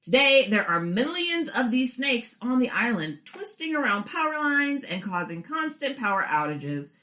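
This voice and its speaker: A woman's voice: fairly high pitch, very animated, moderate pace, sharp tone. A woman co-hosting a podcast in casual chat, swearing freely, laughing often and reading trivia aloud. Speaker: podcast co-host.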